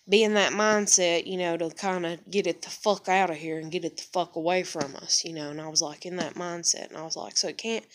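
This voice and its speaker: Young woman venting on camera, kinda low voice, cussing and trailing off a lot. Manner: emotional, swearing, searching for words. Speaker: vlogger. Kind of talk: rambling personal confession.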